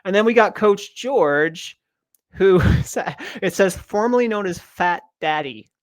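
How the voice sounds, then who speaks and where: A man's voice: sits high, expressive, a little slow. A man co-hosting a live podcast, chatting casually in a playful, teasing way and laughing often. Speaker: podcast co-host.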